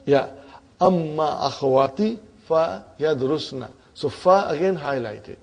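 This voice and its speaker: A man's voice: fairly high pitch, animated, slow pace, gravelly. A man teaching a grammar class, quizzing students with frequent "huh?" prompts and repeating their answers. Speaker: Arabic teacher.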